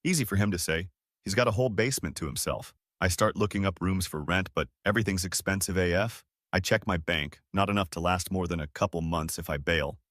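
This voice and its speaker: A man's voice: low voice, a little fast, fairly bright tone, no room sound, clean studio sound. A man reading out a first-person story in a casual, matter-of-fact way. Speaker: story narrator.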